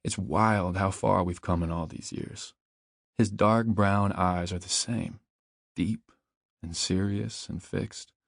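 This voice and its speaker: A man reading his own novel in the first person, in a measured, reflective way, close to a studio mic. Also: low voice, steady tone, creaky, no room sound. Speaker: audiobook narrator and author. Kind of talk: first-person audiobook narration.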